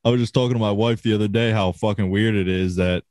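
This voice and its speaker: A man's voice: fairly low pitch, fairly even intonation, quick pace, a little mellow, no room sound, studio quality. A man chatting casually on a podcast, swearing freely and laughing often. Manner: profane, laid-back, laughs often. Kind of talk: casual chat.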